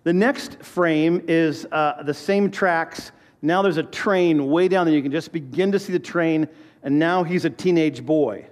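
A man in his fifties delivers a sermon with a notably high voice. He keeps it conversational, telling family stories and asking his listeners questions as he goes. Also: unhurried. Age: 50s. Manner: conversational preaching with personal stories and questions to the congregation. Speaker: pastor.

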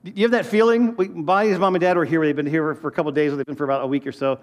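A man's voice: fairly high pitch, fairly even intonation, rapid-fire. A man in his fifties preaching a sermon, talking to the congregation in a conversational way with personal stories and frequent questions. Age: 50s. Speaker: pastor.

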